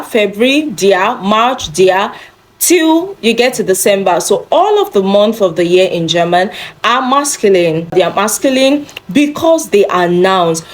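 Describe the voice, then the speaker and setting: A woman's voice: mid-range voice, a little mellow. A woman teaching a beginner German lesson, repeating each word several times for the learner.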